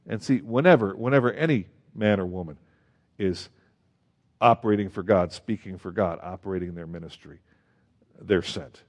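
A man preaching a sermon as pastor, animated and asking his listeners rhetorical questions while reading scripture aloud. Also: mid-range voice, normal speed, long pauses. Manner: reads scripture aloud in old-fashioned wording. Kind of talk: sermon Bible teaching.

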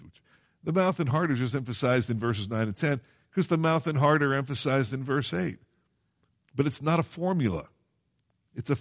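A man preaching a Bible sermon in a conversational way, often asking his listeners questions and quoting scripture in old-fashioned wording. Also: medium pitch. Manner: conversational, asks the congregation questions.

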